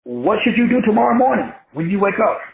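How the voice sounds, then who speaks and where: A man's voice: sits high, big pitch swings, fast, creaky. Preachy man on an echoey phone-like line. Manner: preachy, repetitive, colloquial. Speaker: online teacher and host. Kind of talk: motivational lecture.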